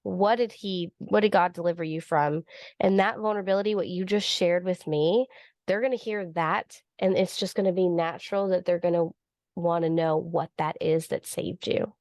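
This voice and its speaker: A woman's voice: on the low side, fairly even intonation, normal speed, a little mellow, no room sound, clean studio sound. A woman hosting a podcast, speaking earnestly and encouragingly in a casual faith-based chat, with many "like" fillers. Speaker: podcast host.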